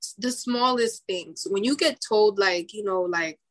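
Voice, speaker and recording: A woman's voice: mid-range voice, measured pace, fairly bright tone. Brief: young adult woman, podcast co-host, earnest and reflective, casual chat. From Dominican heritage. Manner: earnest, reflective, many likes and restarts.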